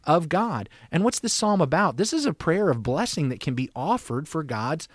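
An American man co-hosting a podcast, explaining Bible passages in an earnest, conversational way that grows animated when he makes a point. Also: on the high side, normal speed, dry recording, studio quality. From United States. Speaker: podcast co-host, Bible teacher.

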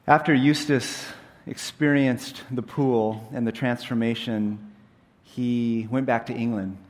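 A male pastor giving a sermon, telling stories that swell in intensity and then drop to a low, quiet tone. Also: steady tone, moderate pace. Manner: storytelling, building up scenes with rising intensity then dropping low.

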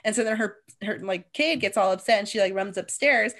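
A woman's voice: medium pitch, brisk, a bit bright. A young adult woman co-hosting a podcast, telling stories in casual chat and saying "like" a lot. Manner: chatty storyteller, heavy use of "like". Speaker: podcast co-host.

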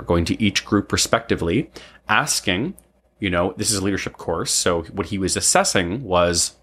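A man's voice: sits low, a bit bright. A man of about forty telling a personal story in a casual, rambling way, often asking "right?" between thoughts. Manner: rambling, frequent "um" and tag "right?".

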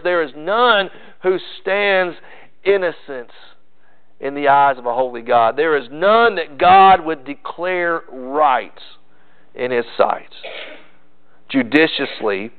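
Emphatic preacher, tinny phone-like sound. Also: male voice, a little high. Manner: emphatic, repeats phrases for stress. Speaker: pastor. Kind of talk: sermon.

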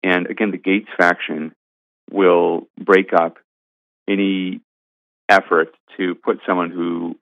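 A man with a very deep voice makes his case firmly and emphatically as a guest commentator. His voice is dry and tinny, as if coming down a phone line. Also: flat delivery, slow pace, dry recording. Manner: emphatic, argumentative. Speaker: guest commentator, senior editor. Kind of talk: political commentary interview.

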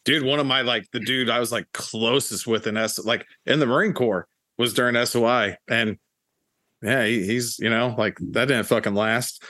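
Bright, dry-voiced man chatting bluntly. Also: mid-range voice, normal speed, no room sound. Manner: blunt, profane, easygoing. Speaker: podcast co-host. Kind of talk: casual chat.

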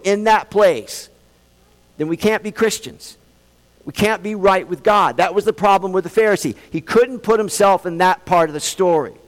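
Male preacher, fairly high voice, earnest and pleading, long hall echo. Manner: earnest, pleading, slows for emphasis. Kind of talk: sermon.

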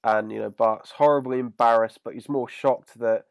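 A man co-hosting a casual chat, recapping an episode in a relaxed, filler-heavy way. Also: medium pitch, normal speed, creaky, dry recording, lo-fi sound. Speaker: podcast co-host.

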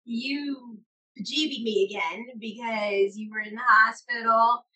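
A woman's voice: on the high side, steady tone, unhurried, pushed and bright, distant mic, low-quality recording. A woman co-hosting a podcast, chatty and teasing in casual conversation. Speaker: podcast co-host. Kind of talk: casual chat. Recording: voice a bit off mic.

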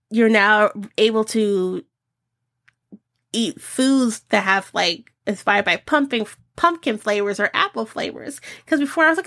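A woman hosting a podcast, chatting casually about movie picks and acting out scenes in high voices. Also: fairly bright tone, dry recording. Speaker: podcast host.

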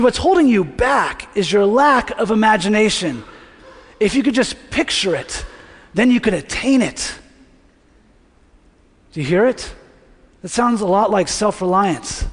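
A man with a high voice preaches to his congregation in a relaxed, conversational way, often asking them to say words back to him. His voice rings out with the long reverb of a large church sanctuary. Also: measured pace, pauses often. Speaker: pastor. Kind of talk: sermon.

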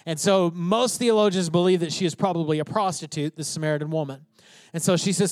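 A man's voice: on the high side, a little fast, darkish tone, no room sound. A man preaching a sermon as pastor, stressing key phrases and checking in with his listeners.

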